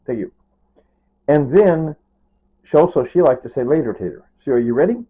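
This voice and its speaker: An older man rambles in a loose, repetitive monologue, circling back to his losses and sounding close to tears. His voice sits at an ordinary pitch. The sound is thin and narrow, like a phone line. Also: lively intonation, moderate pace, slightly rough. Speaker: vlogger.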